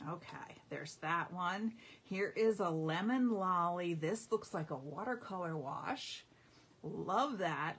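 Husky, slow-talking enthusiastic woman. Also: fairly low pitch. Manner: enthusiastic, gushing. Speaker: craft demonstrator. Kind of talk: casual live-stream product showcase.

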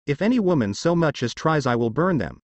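A man's voice: a little high, very animated, brisk, dry recording. A man voicing a fierce, protective female fire cat spirit who speaks angrily. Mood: angry. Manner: angry.

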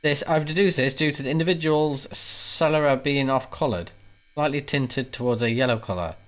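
A man's voice: mid-range voice, normal speed, fairly bright tone, lightly acted. A man voicing a smug, know-it-all male doctor who lectures about his deductions in a horror game. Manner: pompous, lecturing. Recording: mains hum behind.

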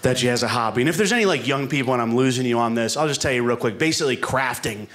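A man's voice: medium pitch, rapid-fire, a bit bright. A man doing a stand-up comedy set on a club stage, rambling and self-deprecating, with asides to the live audience. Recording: live club recording with room noise.

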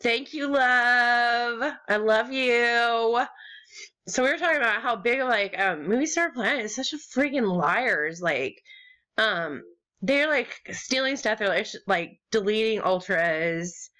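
A young American woman rambling and gushing as she opens gifts in an online game, with sudden squeals and low mutters. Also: animated, normal speed, sharp tone. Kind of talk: casual gaming commentary.

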